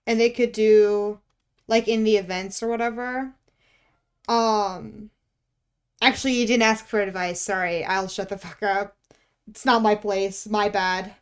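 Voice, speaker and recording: A woman's voice: medium pitch, steady tone, unhurried, smooth. A woman streaming while she draws. She chats casually, teases herself, swears offhandedly and laughs often. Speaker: art streamer. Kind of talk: casual live-stream chat while drawing.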